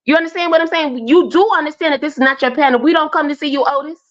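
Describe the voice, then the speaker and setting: A brash woman pushing back hard in a live panel debate, taunting and laughing at the other side. Her voice sits high. The audio is dull and lo-fi, like a compressed stream. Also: very fast.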